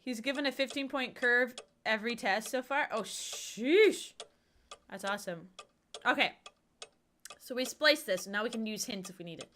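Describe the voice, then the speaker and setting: A woman's voice: a little high, normal speed, pushed and bright, a little hiss or hum. A young woman streaming a point-and-click game, chatting casually with her viewers and exclaiming at the puzzles. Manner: chatty, exclamatory, talks to chat. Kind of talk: casual livestream gaming chat.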